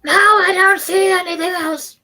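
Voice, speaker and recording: A man voicing a jittery female shop clerk in a very high, screechy falsetto. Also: fairly even intonation, moderate pace, pushed and bright, heavily acted. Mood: sweetly shrill.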